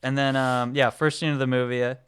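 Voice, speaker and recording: A man's voice: mid-range voice, little pitch movement, fast talker, a bit bright, smooth. A man chatting casually as a podcast guest, reading off favorite movie lines and chuckling between them. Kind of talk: casual film chat.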